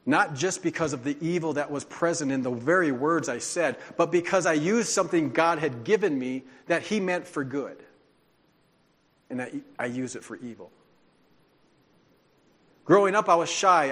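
A man's voice: fairly high pitch, a bit bright. A man preaching a sermon as a pastor, telling his own testimony in an earnest, confessional way. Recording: long hall reverb.

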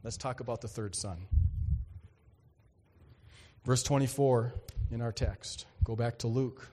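A male pastor preaching a sermon, swinging between loud exclamations and quiet emphasis and acting out quoted voices. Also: mid-range voice, slow, in a large hall, a little hiss or hum.

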